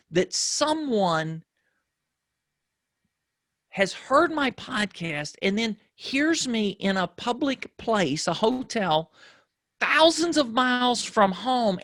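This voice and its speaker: A man whose voice sits higher than most men's, telling stories in a reflective, casual conversation as a podcast guest. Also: sing-song, slow pace, fairly bright tone, dry recording, clean studio sound. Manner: reflective storyteller.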